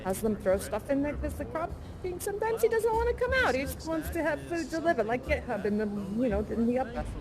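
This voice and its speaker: Woman playing a bubbly young bar worker, high-pitched, rambling, gushing, live immersive theater. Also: big pitch swings, fast talker, hardly any pauses, over music. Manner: chatty, gushing, giggly, rambling. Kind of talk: improvised in-character audience interaction.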